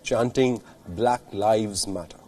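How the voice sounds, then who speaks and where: Mellow-voiced male news narrator. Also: on the low side. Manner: steady, measured newsreader delivery. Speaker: news reporter.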